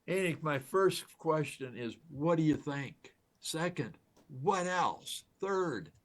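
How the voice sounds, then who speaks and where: A man's voice: fairly high pitch, expressive, slow pace, a bit bright. An older man, a guest on an interview, telling stories with enthusiasm, acting out quoted dialogue and laughing often. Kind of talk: animated storytelling in conversation.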